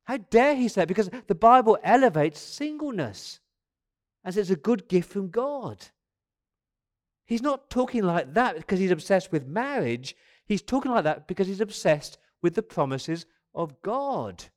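A man in his fifties with a slightly higher voice for a man delivers a sermon as a pastor. He preaches conversationally, with quick asides and the odd restart. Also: very animated. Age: 50s.

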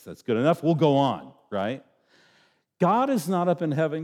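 A middle-aged man preaches a sermon in a loose, joking way and slips into little acted voices. His voice is slightly high yet mellow. Long reverb from the sanctuary hangs on each phrase. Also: very animated, moderate pace. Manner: conversational, joking, acts out voices. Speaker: pastor.

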